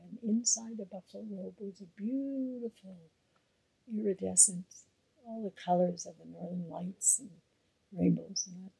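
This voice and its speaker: A woman telling a traditional story out loud in an unhurried way, full of fillers and trailing soft phrases. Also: on the low side, rough recording. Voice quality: husky, gravelly. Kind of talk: oral storytelling.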